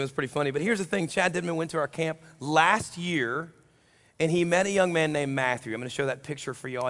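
A youth pastor preaching a sermon in a joking, animated way, acting out quotes for the congregation. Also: male voice, on the high side. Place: large church hall during a service. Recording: long reverb of a large hall.

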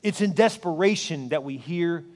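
A man preaching a sermon as pastor, swinging from loud urging to low, intimate asides. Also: moderate pace, long reverb tail.

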